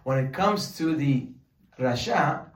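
A man gives a lively, animated Torah class in a fairly high voice. He acts out the people in his stories. He stands off the mic in an echoey room. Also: takes it slowly, far from the mic. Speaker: rabbi teaching Torah.

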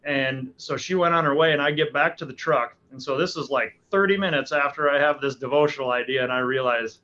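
Animated storytelling man, dull recording. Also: medium pitch. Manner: animated, quick restarts and repeats. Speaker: guest, hunting guide and speaker. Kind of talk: casual storytelling.

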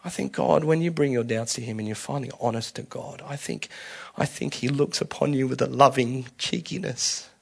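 A man's voice: medium pitch, normal speed, creaky, slightly rough. Candid, colloquial male preacher. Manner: candid, colloquial, with frequent restarts and swings in loudness. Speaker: pastor. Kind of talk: conversational sermon.

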